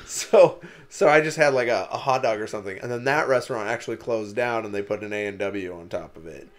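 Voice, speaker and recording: A man's voice: on the low side, brisk. A young man from Wisconsin, co-hosting a podcast and telling stories in casual chat, rambling with lots of "like" and swearing. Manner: rambling storyteller, lots of "like" and cursing. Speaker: podcast co-host.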